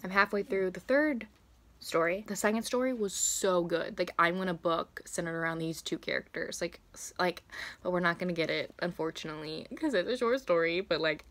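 A woman, chatting casually and gushing in a book vlog filmed on her phone. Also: fairly low pitch. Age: 20s. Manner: gushing, lots of "like", laughs easily. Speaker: book vlogger.

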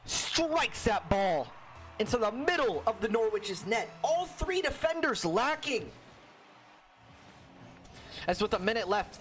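A young man giving solo play-by-play commentary on a video game match, excitable and jokey, with a worn-out voice. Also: high voice, slight background noise. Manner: excitable, jokey, frequent exclamations. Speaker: esports caster.

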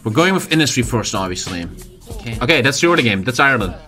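A man's voice: mid-range voice, big pitch swings, fast, bright, forceful tone, faint music behind. A man streaming a strategy game, joking crudely and swearing often. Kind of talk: live game stream commentary.

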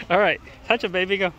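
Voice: mid-range voice, lo-fi sound. A parent casually narrating a family vlog outdoors, playfully encouraging a child and talking to viewers. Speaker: parent vlogging a family outing. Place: outdoor zoo. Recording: outdoor recording with crowd noise. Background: crowd of visitors.

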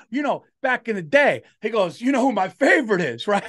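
Animated high-voiced man telling a story. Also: a little fast. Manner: animated storyteller doing voices of people he quotes. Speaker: comedian podcast co-host. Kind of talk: casual storytelling chat.

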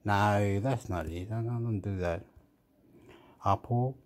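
Slow, rambling man reviewing a phone. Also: lowish voice, darkish tone. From Australia. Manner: rambling, thinking aloud, self-deprecating. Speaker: vlogger.

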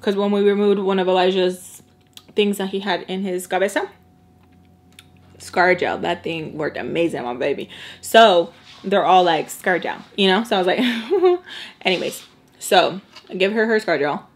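Her voice sits lowish here, animated and at a moderate pace. The same young makeup artist chats through a long story over a meal, voicing the people she quotes and tossing in Spanish slang.

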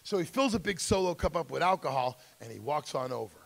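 Middle-aged man, gravelly and slightly high-pitched, speaker at a school seminar, intense personal storytelling. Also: expressive, fast talker, a bit bright. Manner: acts out quoted voices, emphatic, intense.

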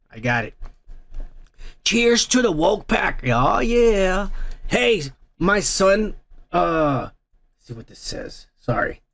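A man's voice: sits high, fairly bright tone, breathy edge. A man hosting a podcast, reading viewer comments aloud in casual, rambling, profane chat. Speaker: podcast host.

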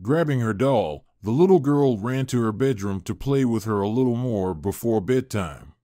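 Male storyteller, steady and even, mid-range pitch, dry close recording. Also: moderate pace, no room sound. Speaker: narrator. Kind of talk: scripted story narration.

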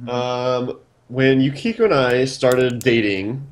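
A man's voice: medium pitch, fairly even intonation, slow pace, slight background noise. A man on a voice call, co-hosting a podcast and telling a long casual story with lots of fillers. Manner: rambling storyteller, many fillers. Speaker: podcast co-host. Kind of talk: casual chat over a call.

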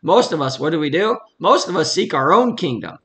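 A man's voice: on the high side, sing-song, fairly quick, fairly bright tone. A man giving a casual, conversational Bible study at home, explaining a passage and reading verses aloud with emphasis.

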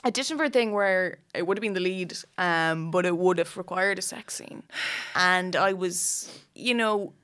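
A young woman, a comedian, chatting as a podcast guest, self-deprecating and quick to laugh. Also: lowish voice, a bit bright, smooth. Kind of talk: casual chat.

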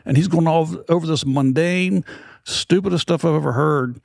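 A man's voice: on the high side, normal speed, vocal fry, a little mellow, no echo, clean studio sound. A middle-aged American man, a podcast host being interviewed, telling a rambling, self-deprecating story and acting out the voices of others. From United States.

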